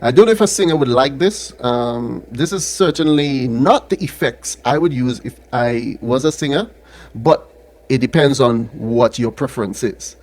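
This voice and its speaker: A man walks through a piece of studio gear in a loose, chatty way, speaking right into a microphone that runs through the unit he is testing. He keeps tossing in quick check-ins with the listener as he goes, and his voice sits in a middle register. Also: mid-range voice, a little mellow. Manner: loose and conversational, checks in with the viewer after nearly every phrase. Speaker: product reviewer. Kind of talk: casual hands-on gear demo. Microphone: speaking into a studio mic run through the mixer being tested.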